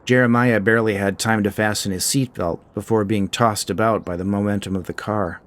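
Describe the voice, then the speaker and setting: Male narrator, low voice, measured pace, scripted short story reading. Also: steady tone.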